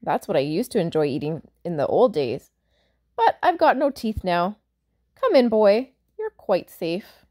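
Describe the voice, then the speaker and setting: Woman voicing a slow, booming old giant. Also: very animated, dark tone. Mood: gruff. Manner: slow, booming, drawn-out delivery. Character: very old toothless male giant, gruff.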